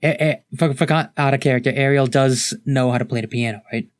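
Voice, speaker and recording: A man's voice: medium pitch, fast talker, no echo, studio quality. A man narrating a tabletop game as game master in a casual, rambling way with many fillers.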